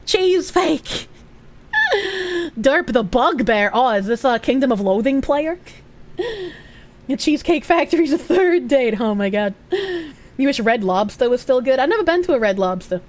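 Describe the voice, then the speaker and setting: A woman's voice: high voice, expressive, moderate pace. A young woman with a Boston accent chatting casually on a live stream, rambling, giggly and swearing freely.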